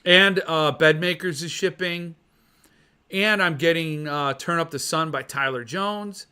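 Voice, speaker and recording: An excitable man hosting a casual livestream, rambling and gushing as he chats with his viewers. His voice sits a little high and has a bright, sharp edge. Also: unhurried, clean tone. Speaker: podcast host. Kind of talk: casual livestream chat about book collecting.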